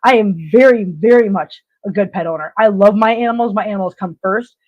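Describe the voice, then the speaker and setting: A woman's voice: medium pitch, a little fast, muffled recording. Blunt emphatic woman hosting a live chat. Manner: emphatic, repeats herself, blunt and emotional. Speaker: live stream host. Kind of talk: casual live chat reading viewer comments.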